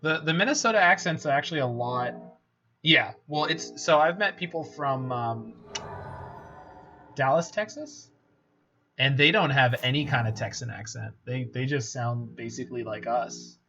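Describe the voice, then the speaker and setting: A man from Canada giving casual gameplay commentary, chatty and joking as he thinks out loud. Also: mid-range voice, normal speed, faint music behind. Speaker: game streamer. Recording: slightly muffled with faint hiss.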